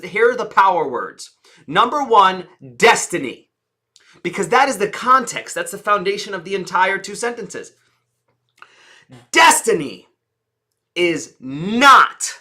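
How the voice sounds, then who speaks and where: A man teaching public speaking with a bright, ringing voice. He leans hard on key words and fires off rhetorical questions. He often sinks to a low, quiet tone for effect. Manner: dramatic emphasis, drops voice low and soft for effect. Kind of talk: presentation skills lesson.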